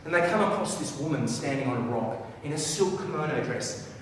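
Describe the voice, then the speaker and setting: A man giving a motivational talk on stage, animated and coaxing the audience to answer back. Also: a little high, fairly quick, slight background noise. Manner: animated, coaxing the crowd into call-and-response. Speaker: motivational speaker. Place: large hall with a live audience. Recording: echoey hall, voice picked up from a distance.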